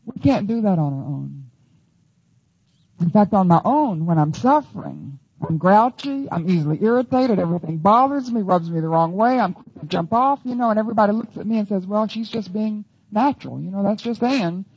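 A woman's voice: medium pitch, animated, brisk, darkish tone, husky, no room sound, highs cut off. A woman teaching the Bible in an earnest, emphatic sermon.

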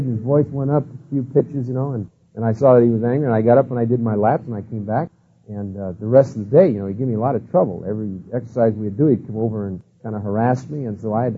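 A man's voice: mid-range voice, a little hiss or hum. A man giving a sermon-style lecture, telling stories in a folksy way with many fillers. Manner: folksy, storytelling with many "you know" and "uh" fillers. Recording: tinny phone-like old tape.

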